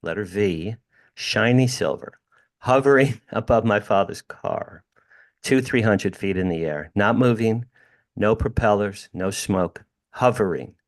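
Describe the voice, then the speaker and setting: An older man from New Jersey tells his story with animation and emphasis, calling the host by name as he goes. His voice sits somewhat low, and he speaks from a room at home over a video call. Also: a little slow. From New Jersey, USA. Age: 60s. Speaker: podcast guest. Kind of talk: storytelling in an interview.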